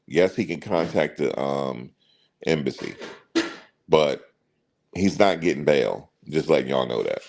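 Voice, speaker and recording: Low-voiced male host, casual commentary, chatty and repetitive. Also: lively intonation, a little slow, pauses often, a little mellow, a little hiss or hum. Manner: chatty storyteller, addresses viewers directly, repeats himself.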